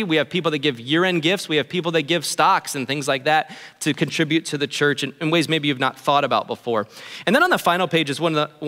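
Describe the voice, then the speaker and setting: A male pastor preaching a sermon in an earnest, animated way, voicing what his listeners might think. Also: a little high, in a large hall. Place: church auditorium.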